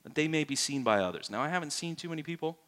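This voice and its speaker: Animated preacher man delivering a sermon. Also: fairly high pitch, racing. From United States. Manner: animated, rises sharply for emphasis and mock-prayer voices; asks the congregation direct questions. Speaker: pastor.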